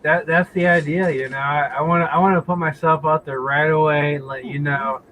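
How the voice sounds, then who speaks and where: A man in a casual group voice chat, teasing the others in halting speech with many restarts. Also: fairly high pitch, steady tone, fairly bright tone. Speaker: chat room regular. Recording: muffled lo-fi audio with faint hiss.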